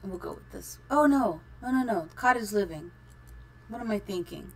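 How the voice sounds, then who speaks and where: A woman's voice: medium pitch, expressive, moderate pace. Chatty middle-aged woman streaming a build. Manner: chatty, thinks aloud, giggly. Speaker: game streamer. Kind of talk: casual live-stream building commentary.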